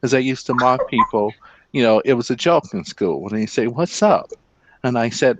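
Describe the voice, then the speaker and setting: A man from Chicago in a casual chat, speaking in a formal, precise way and doing animated impressions. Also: mid-range voice, moderate pace. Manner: formal, precise diction he says began as a joke.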